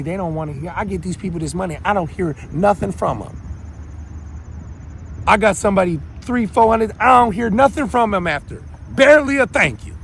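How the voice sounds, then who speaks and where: A man from Minnesota hosting his own show, ranting to viewers in a rambling, emphatic way that swings between loud and quiet. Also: high voice, slight background noise. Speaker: show host. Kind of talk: unscripted rant to viewers.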